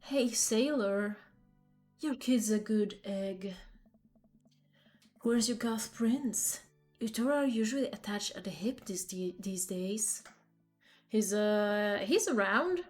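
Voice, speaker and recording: A woman reading a deadpan dog-shelter lady. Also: medium pitch, takes it slowly, long pauses, faint music behind. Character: dry middle-aged woman, dog shelter volunteer.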